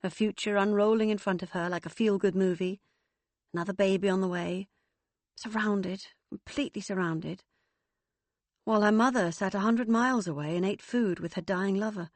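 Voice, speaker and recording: Dry, steady woman narrating a novel. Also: medium pitch, brisk, dry recording. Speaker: audiobook narrator. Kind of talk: scripted narration.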